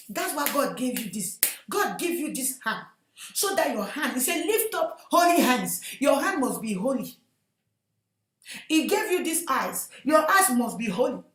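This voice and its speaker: Non-native English woman evangelist, high bright voice, fervent shouting sermon, echoey room. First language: not English. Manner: impassioned, shouting bursts, addresses listeners as my sister. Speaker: evangelist preacher.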